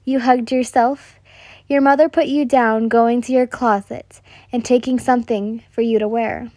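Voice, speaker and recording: A woman reading a second-person fan story aloud in a soft way, now and then correcting herself. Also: on the high side, steady tone, no echo. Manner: slow, soft, with occasional self-corrections. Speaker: fan fiction reader.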